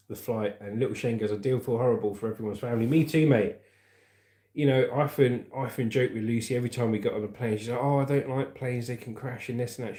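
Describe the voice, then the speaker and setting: A man chats casually on a livestream, rambling along as he reads viewer comments aloud. His voice sits mellow and dark, at a middling pitch. The sound carries the echo of a roomy space. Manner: chatty, rambling, calls viewers mate and brother. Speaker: livestream host reading chat. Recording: roomy echoey room.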